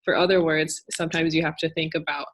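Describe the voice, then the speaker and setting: Young woman student presenter, lowish voice, careful and explanatory. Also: fairly even intonation, fast, slight background noise. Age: young adult. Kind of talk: casual educational explanation.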